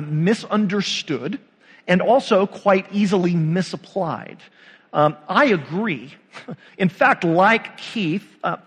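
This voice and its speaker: A pastor delivers a sermon in a relaxed, conversational way, asking his listeners questions and pausing for effect. His voice sits a little high for a man and carries a long reverb from the church sanctuary around him. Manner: conversational, with dramatic pauses and rhetorical questions.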